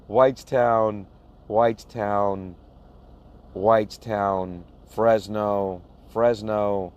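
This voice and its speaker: A box truck owner-operator who vlogs speaks in a man's voice that sits on the low side, clear and resonant. Talking casually to his viewers, he reads out a list of places slowly and plainly, laughing at his own mispronunciations of names he can't say.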